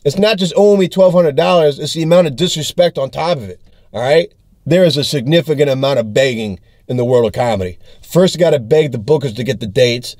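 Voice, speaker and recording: A man's voice: on the high side, a little fast, a little mellow, no room sound, studio quality. Ranting, profane male comedian. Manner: angry, profane storytelling that acts out text exchanges. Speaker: touring comedian. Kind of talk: ranting video diary.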